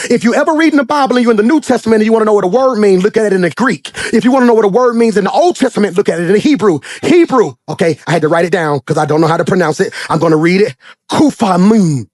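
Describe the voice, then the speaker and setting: Man preaching, very high voice, dry close mic, shouts then drops low, acts out characters. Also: animated, fast talker, no echo. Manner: swings from shouting to low asides, preaches to himself. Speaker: pastor. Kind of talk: sermon.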